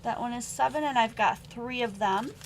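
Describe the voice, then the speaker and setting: A woman's voice: a little high, moderate pace, background noise. A young adult woman hosting a live-streamed craft supply sale at home, chatting as she reads out stamp sentiments and prices. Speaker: online craft sale host. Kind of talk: live-stream sales chat.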